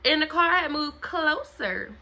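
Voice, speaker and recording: Young woman vlogger, high-ish bright voice, lively storytime delivery. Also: unhurried. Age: young adult. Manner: animated, dramatic retelling that acts out other people's lines. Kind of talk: casual storytime to camera. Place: home.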